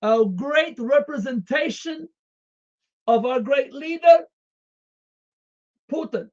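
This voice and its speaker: This streamer's comedy bit casts him as a loyal Soviet-style comrade, speaking stiff, broken English in a deadpan tone with a put-on Russian accent. His voice sits high and moves slowly. The performance is heavily acted, and the recording sounds muffled.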